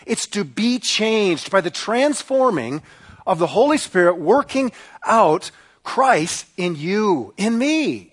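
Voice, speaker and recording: A man's voice: high voice, big pitch swings, takes it slowly, slightly rough. A middle-aged male pastor preaching a sermon, emphatic and given to repeating his key lines.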